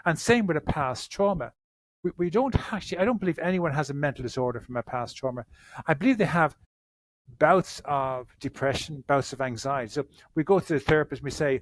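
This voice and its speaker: A man's voice: fairly high pitch, expressive, quick pace, no echo. A man, a therapist answering podcast interview questions in an earnest way, often repeating words as he starts a sentence.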